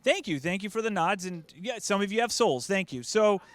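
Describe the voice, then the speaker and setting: Self-mocking stand-up dad, high voice. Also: male voice, lively intonation, brisk, dry recording. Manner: self-deprecating, acts out quoted voices. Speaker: stand-up comedian. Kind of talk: stand-up comedy set.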